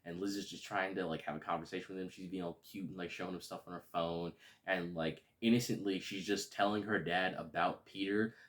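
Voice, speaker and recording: A man casually reviewing a movie, relaxed and rambling with lots of fillers. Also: low voice, a little fast.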